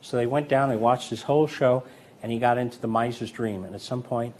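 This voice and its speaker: A man talks through a coin magic routine in a relaxed, conversational teaching voice. He counts coins aloud as he works and slips into stories about older magicians. His tone stays easy and unhurried. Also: mid-range voice. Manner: relaxed, conversational, tells anecdotes with acted quotes; counts coins aloud while demonstrating sleights. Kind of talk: casual instructional demonstration.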